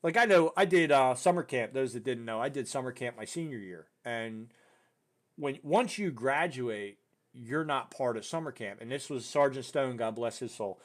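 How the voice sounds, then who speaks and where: Chatty man telling a story. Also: moderate pace. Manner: animated, voice jumps high when quoting people; loose, filler-heavy talk with "dude" and "you know". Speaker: podcast host. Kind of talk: casual storytelling chat.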